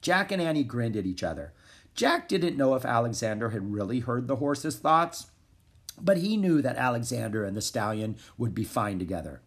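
A man narrating a children's chapter book aloud in an expressive storytelling manner. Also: mid-range voice, moderate pace, slightly rough. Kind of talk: children's audiobook reading.

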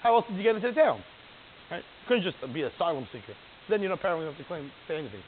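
A man giving a lively, digressive lecture as a religious teacher, often checking in with "right?". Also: high-pitched, rapid-fire, a little hiss or hum. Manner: animated, digressive, keeps asking "right?". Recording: tinny phone-like line.

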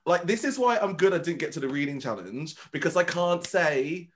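Campy drag performer, chatty. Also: male voice, on the high side, moderate pace. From United Kingdom. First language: Vietnamese. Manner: animated, campy storyteller who acts out quotes. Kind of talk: casual interview chat.

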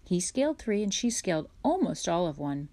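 A woman narrating a children's chapter book aloud in a gentle, unhurried way. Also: on the low side, big pitch swings. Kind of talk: storybook read-aloud.

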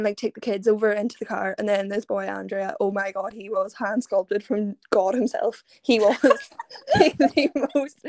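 A woman's voice: mid-range voice, darkish tone, no room sound. A young Irish woman in her twenties, a podcast guest telling a long casual story and laughing often. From Ireland. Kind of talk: casual chat.

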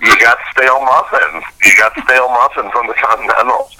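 A man's voice: mid-range voice, fairly quick, pushed and bright, low-quality recording. A man co-hosting a podcast, teasing and swearing in casual banter. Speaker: podcast co-host. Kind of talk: casual chat.

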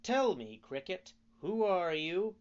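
A man's voice: high voice, big pitch swings, slow pace, lo-fi sound, pitched above the performer's own voice, heavily acted. A man voicing a rude, hot-tempered wooden puppet boy in a storybook reading, with a raised, brash voice. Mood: defiant.

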